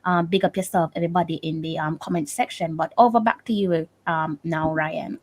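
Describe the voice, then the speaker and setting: A woman's voice: low-pitched, fairly even intonation, a little fast. A woman hosting a livestream interview over a video call, reading out viewer comments with frequent ums. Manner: reads viewer comments, gives shout-outs with frequent ums. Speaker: interview host.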